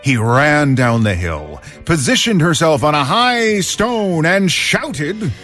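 Man narrating with a very animated voice. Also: on the high side, slow, soft background music. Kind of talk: children's story narration.

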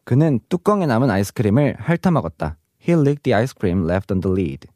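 A man teaching a scripted vocabulary lesson. He explains each term, reads the Korean example sentences briskly, then gives the English translations slowly. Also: fairly low pitch, big pitch swings, darkish tone, dry recording, studio quality.

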